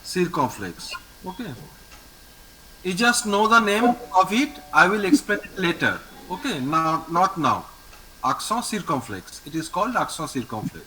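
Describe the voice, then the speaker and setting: A male French teacher with an Indian English accent, patiently repeating each word slowly for a student in an online class. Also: sits high, animated, sharp tone, slight background noise, poor audio. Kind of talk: online language lesson. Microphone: video call.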